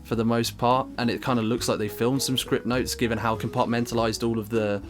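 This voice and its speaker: A man's voice: mid-range voice, level tone, fairly quick, soft background music. Man giving blunt, wry film critique. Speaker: podcast co-host. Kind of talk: casual film review chat.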